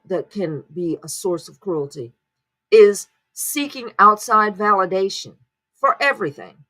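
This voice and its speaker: A woman's voice: medium pitch, a bit bright. Woman musing rhetorically to viewers. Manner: rhetorical, keeps checking in with "right?". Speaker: commentary channel host. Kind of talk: casual spoken commentary to camera.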